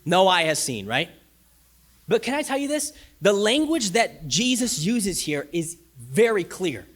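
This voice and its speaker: A man pastor preaching a sermon, repeating phrases for emphasis and swinging from loud emphasis to hushed, almost whispered lines. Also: high-pitched, very animated, measured pace.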